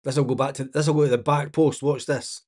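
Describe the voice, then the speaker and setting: A man's voice: medium pitch, flat delivery, moderate pace, darkish tone. A man giving blunt, exasperated live match commentary as a watch-along host, swearing freely and laughing often.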